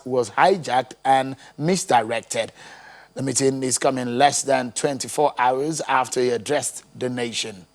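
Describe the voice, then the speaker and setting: A man anchoring a live TV politics programme, speaking in a measured way with frequent fillers. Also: mid-range voice. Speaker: news anchor. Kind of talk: live TV news presenting.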